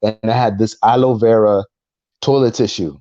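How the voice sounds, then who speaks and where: Low, mellow-voiced man telling a story. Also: normal speed, dry recording, lo-fi sound. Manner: animated storytelling, acts out quoted voices. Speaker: podcast co-host. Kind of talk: casual chat.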